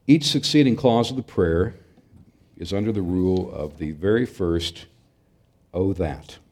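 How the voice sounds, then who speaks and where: A man's voice: low voice, a little slow, darkish tone. A middle-aged man preaching a sermon in an earnest, emphatic way, sometimes restarting his phrases. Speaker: pastor.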